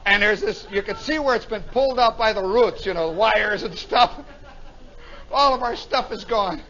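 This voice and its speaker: A man telling a story live at a nightclub, animated, acting out sound effects and voices as a radio host, on a dull 1960s recording. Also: high-pitched, normal speed.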